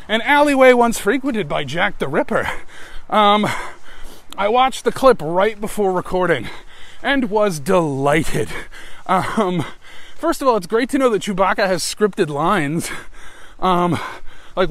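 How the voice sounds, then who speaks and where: A man's voice: high-pitched, a bit bright. An American man hosting an improvised podcast, rambling and irreverent, with frequent swearing. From United States. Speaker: podcast host. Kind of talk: improvised casual monologue.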